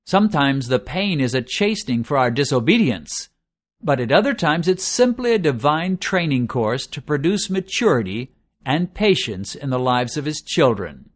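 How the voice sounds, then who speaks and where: A man preaching a sermon in an earnest, measured way, slowing down to stress lists of words. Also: mid-range voice, very animated.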